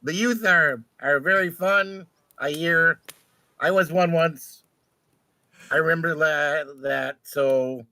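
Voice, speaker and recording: A tongue-tied older gentleman, put on by a man, who blathers and stumbles over his words in a tabletop game. The voice sits high and bright. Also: takes it slowly, no room sound, low-quality recording. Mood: blustering. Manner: stammering, blathering.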